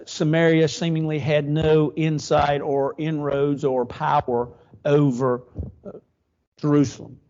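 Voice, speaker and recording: A man's voice: medium pitch, a little mellow. A man teaching a Sunday Bible class at church in a conversational, storytelling way, asking rhetorical questions. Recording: dull lo-fi church recording.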